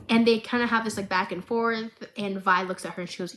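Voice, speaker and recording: A young woman vlogger retelling a TV series in a dramatic, chatty way, full of asides. Her voice is bright, crisp and a little high. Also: a little fast. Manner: animated, dramatic, laughing asides. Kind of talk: chatty TV recap.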